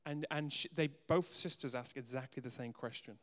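A man preaching a sermon as pastor, earnest, moving between soft quiet asides and emphatic raised lines. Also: medium pitch, moderate pace. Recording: long hall reverb.

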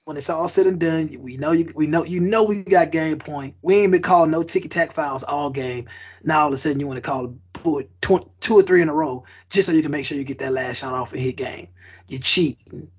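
A husky man with a slightly raised pitch chats casually on a podcast, dropping slangy life advice and sports analogies. The audio is a little dull and lo-fi. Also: fairly quick. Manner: laid-back, preachy life advice with slang and basketball analogies. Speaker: podcast co-host.

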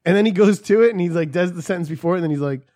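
A man co-hosting a podcast, telling crude stories in casual banter, laughing and mimicking others. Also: high voice. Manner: animated storyteller, quick laughs, mimics others. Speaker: podcast co-host.

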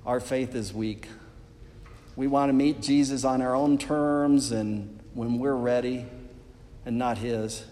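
A man's voice: medium pitch, fairly even intonation, slow pace, mellow. A man preaching a sermon in a church, speaking earnestly and addressing the congregation directly. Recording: long reverb of a church hall.

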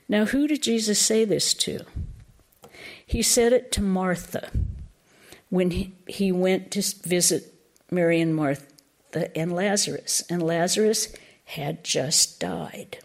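A woman giving a reflective spiritual talk at a very slow, unhurried pace. Her lowish voice has a gravelly, creaky edge. She speaks thoughtfully and searches for her words aloud. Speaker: spiritual lecturer.

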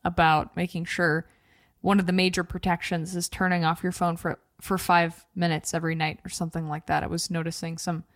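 A woman's voice: fairly low pitch, little pitch movement, fairly quick, no echo, clean studio sound. A woman hosting a podcast who is playful and chatty and steers the talk with questions. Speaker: podcast host. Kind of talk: casual podcast discussion.

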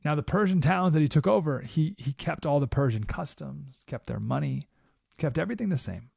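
A man hosting a talk radio show, delivering an animated monologue and acting out quoted voices with sudden jumps in pitch. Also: fairly quick, vocal fry, breathy edge, no echo, studio quality.

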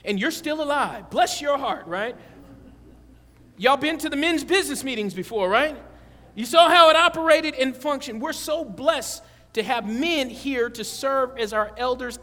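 A man's voice: very high-pitched, pushed and bright. A man preaching a sermon, conversational and joking, often asking the congregation questions. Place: church sanctuary. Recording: long church-hall reverb.

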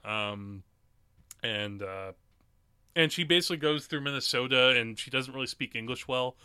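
A man's voice: medium pitch, moderate pace, bright, forceful tone, smooth, dry recording, studio quality. A man co-hosting a podcast, chatting casually about movies, rambling with lots of fillers and frequent laughs. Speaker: podcast co-host. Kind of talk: casual movie review chat.

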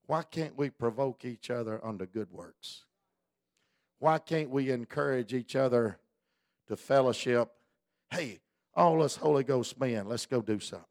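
A man preaching a sermon in a folksy, colloquial storytelling manner, building up to fervent, near-shouted exhortations. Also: medium pitch, moderate pace, no room sound, clean studio sound.

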